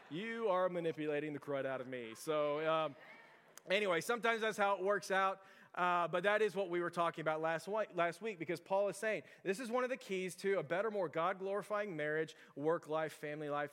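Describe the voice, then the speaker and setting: A man's voice: high-pitched, fairly quick, fairly bright tone. A man in his thirties preaching a casual, story-driven sermon, chuckling as he talks. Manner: storytelling, conversational, chuckles often. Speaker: pastor. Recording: long reverb of a hall.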